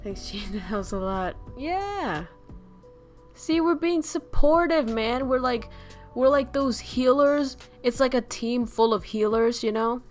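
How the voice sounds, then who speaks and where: A woman's voice: fairly high pitch, expressive, slow, soft background music. A woman hosting a casual chat stream, joking and rambling, laughing often and swearing casually. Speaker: streamer host.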